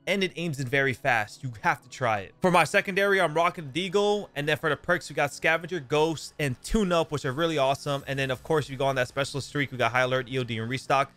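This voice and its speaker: A young man giving excited, casual commentary over his own shooter gameplay, often exclaiming and swearing at what happens in the match. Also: fairly high pitch, fast, few pauses. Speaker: gaming YouTuber.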